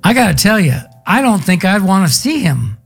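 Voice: medium pitch, sing-song, normal speed, gravelly, faint music behind. A pastor giving a sermon in a folksy, conversational storytelling way with casual slang.

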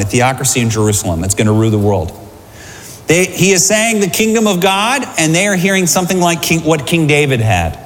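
Lively male preacher in a big hall. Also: fairly high pitch. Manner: lively, conversational, asks the congregation questions. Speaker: pastor. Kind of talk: sermon. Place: large church hall. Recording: hall reverb, faint room ambience.

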